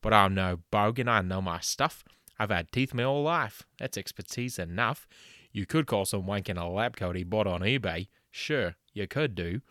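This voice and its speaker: A brash, crude Australian huckster dentist, played by a man in a comic mock advert. He boasts and swears loudly, piling on slang. The voice sits low and sounds close and dry. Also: expressive, moderate pace, dry recording. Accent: put-on Australian.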